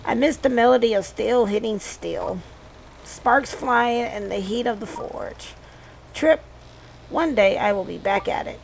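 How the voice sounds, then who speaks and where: A woman's voice: fairly high pitch, a little slow, vocal fry, slight background noise, rough recording. Woman reading as a wistful ship's blacksmith. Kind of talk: reading game dialogue aloud.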